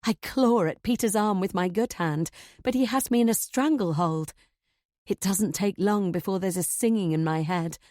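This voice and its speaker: A woman reading a first-person thriller audiobook in a measured, tense way. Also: mid-range voice, darkish tone, dry recording, clean studio sound. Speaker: audiobook narrator.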